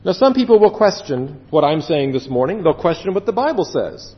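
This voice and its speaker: A man preaching a sermon as pastor, earnest, stretching words for emphasis and dropping suddenly to a hush. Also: on the high side, very animated. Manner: earnest, with slow drawn-out emphasis and sudden drops to quiet. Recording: dull echoey hall sound.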